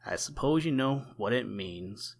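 A man voicing a small, cheeky male meadow mouse with a squeaky, pert and persistent voice in a storybook reading. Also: animated, a little slow, creaky. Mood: knowing.

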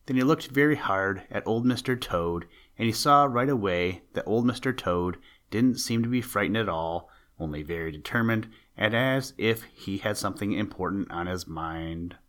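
Low-voiced man reading a storybook. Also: normal speed, few pauses, a bit bright. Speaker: narrator. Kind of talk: storybook narration.

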